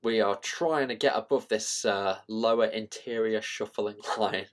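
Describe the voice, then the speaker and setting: A man with a fairly low voice talks his way through trading charts in a loose, thinking-out-loud ramble. He trails off, corrects himself and shrugs things off as he goes, a casual host at his desk mic. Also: measured pace. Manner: rambling, self-deprecating, thinking out loud with fillers. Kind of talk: casual screen-share market commentary.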